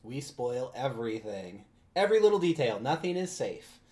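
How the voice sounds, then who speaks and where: A man's voice: mid-range voice, big pitch swings, normal speed, darkish tone. A man co-hosting a casual book podcast, joking with dry sarcasm. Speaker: podcast co-host.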